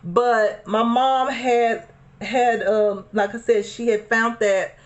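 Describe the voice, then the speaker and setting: A woman's voice: on the high side, steady tone, slow pace, highs cut off. A woman from Alabama, chatting casually to viewers while doing her makeup, repeating herself and calling them y'all. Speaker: beauty vlogger. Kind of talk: casual get-ready-with-me chat. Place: home desk corner.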